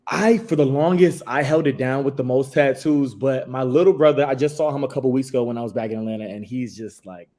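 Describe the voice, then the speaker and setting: A young guest from Springfield, Massachusetts answers interview questions in a relaxed, laid-back manner. His mid-range voice has a dark tone, and he talks fast with few pauses.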